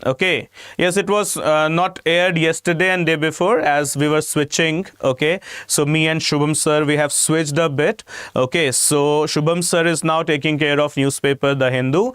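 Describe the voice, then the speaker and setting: A man's voice: fairly high pitch, fairly even intonation, normal speed, a bit bright, smooth, no echo, clean studio sound. A man with an Indian English accent teaching a live online exam-prep class, emphatic and constantly checking in with "okay" and "you know". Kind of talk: live-streamed class talk to students.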